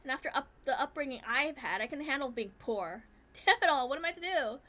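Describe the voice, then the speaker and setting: A woman's voice: high voice, lively intonation, normal speed, pushed and bright, heavily acted. A woman voicing an arrogant, spoiled young heir who talks down to everyone. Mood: bitter. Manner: haughty, smug, condescending.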